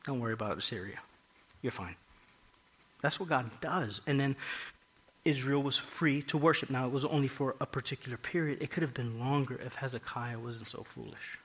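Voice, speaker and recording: A man preaching a sermon, emphatic, repeating phrases and swinging between hushed and loud passages. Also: medium pitch, moderate pace, breathy edge, low-quality recording.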